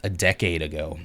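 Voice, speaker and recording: A man with a low voice speaks loosely and conversationally. He drifts between reading text aloud and replying to his live audience. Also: gravelly, slightly rough. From United States. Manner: relaxed and rambling, reads text aloud and answers chat. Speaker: live streamer. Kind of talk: casual live-stream chat and reading aloud.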